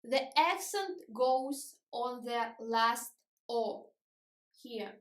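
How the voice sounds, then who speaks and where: A tired woman whose first language is Russian teaches a beginner lesson at a very slow, patient pace. Her voice sits high, and it is filled out with fillers and soft laughs. The room gives it a noticeable echo. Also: animated.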